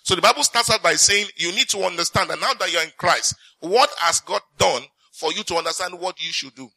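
A man preaching a sermon as pastor, reading scripture slowly and asking the congregation questions he then answers. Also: high voice, gravelly, bright, forceful tone, no echo, poor audio. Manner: reads scripture slowly and deliberately.

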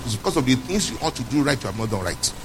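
A man delivers a sermon in an average-pitched voice, pressing hard on key phrases. He repeats his main points for emphasis and keeps quizzing his congregation. A faint background hum sits under the speech. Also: expressive, rapid-fire, rough recording. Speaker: pastor.

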